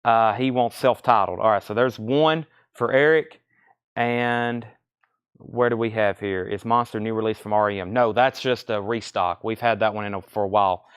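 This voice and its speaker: A man hosting a live-streamed record sale, briskly listing titles and prices and taking bids in a casual selling patter. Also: lowish voice, fairly even intonation, clear, resonant tone, no room sound, clean studio sound. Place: record shop.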